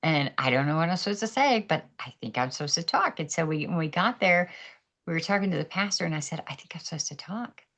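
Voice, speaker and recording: Woman on a video call, kinda gravelly, tells her story openly with faith, laughs a lot. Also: fairly low pitch, fast talker. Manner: lively, laughs often, acts out voices in her stories. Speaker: podcast guest. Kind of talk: candid faith-filled storytelling.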